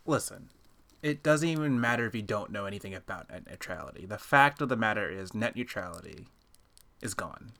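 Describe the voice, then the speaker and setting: Man, podcast co-host, bright voice, loose chatty delivery, laughs a lot. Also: fairly low pitch, fairly quick, creaky. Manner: laughs often, animated storytelling with quoted asides. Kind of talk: casual chat.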